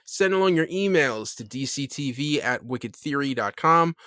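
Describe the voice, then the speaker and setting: A man's voice: mid-range voice, animated, moderate pace, bright, forceful tone, dry recording, studio quality. A man co-hosting a casual podcast, hesitant and full of restarts and ums as he talks. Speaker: podcast co-host.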